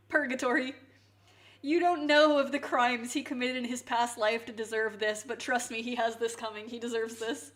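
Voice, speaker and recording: A woman, chatting casually and teasingly with her viewers during a cooking stream. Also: on the high side. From Canada. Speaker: live streamer.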